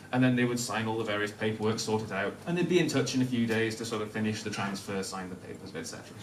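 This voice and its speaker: Man with a soft Northern English accent telling a comic story. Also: mid-range voice, a little hiss or hum. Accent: Northern English, softened. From Newcastle, North of England. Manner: self-deprecating, comic, laughing often through the telling. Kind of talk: live personal storytelling. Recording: echoey room, mic at a distance.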